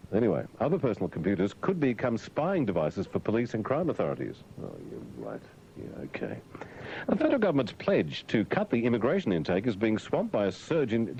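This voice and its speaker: Joking breakfast radio host. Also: male voice, huge pitch swings, fast, mellow. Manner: mocking, jokey asides, mumbled fillers. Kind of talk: comic news and chat on breakfast radio. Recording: dull lo-fi radio broadcast with faint rumble.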